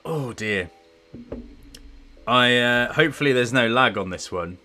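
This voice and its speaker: Bright-voiced man chatting on stream. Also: medium pitch, lively intonation, unhurried, soft background music. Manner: chatty, rambling and self-deprecating. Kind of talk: casual livestream chat. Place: at home.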